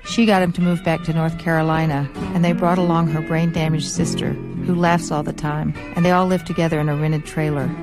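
Low-voiced woman narrating over guitar. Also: flat delivery, brisk, few pauses. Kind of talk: scripted documentary narration. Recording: loud guitar music under voice.

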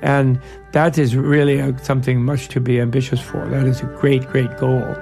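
A man's voice: mid-range voice, flat delivery, normal speed, vocal fry, loud music behind the voice. A man as an interview guest, explaining ideas in a discursive, digressive way with playful analogies. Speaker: guest, Buddhist scholar.

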